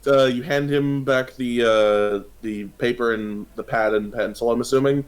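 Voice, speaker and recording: A man narrating as game master of a tabletop role-playing game, halting and full of pauses. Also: mid-range voice, fairly even intonation, clean tone. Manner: hesitant, many pauses.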